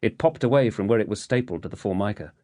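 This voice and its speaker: A male audiobook narrator reads a first-person novel with measured, steady storytelling. His voice sits fairly low, and the recording is close and dry with no room sound. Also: no room sound.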